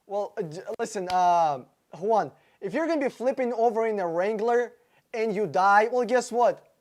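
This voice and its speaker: Speaking a little slowly in an animated, high voice, a man runs a casual live-stream Q&A on cars. He reads viewers' names and questions aloud, answers them by name with blunt, joking profanity, and fills his speech with fillers and restarts.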